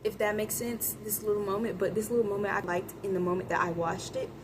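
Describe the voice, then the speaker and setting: A woman giving a casual, animated movie review, chatting with viewers and acting out characters' lines in quick voices. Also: medium pitch, background noise. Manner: chatty, addresses viewers as y'all.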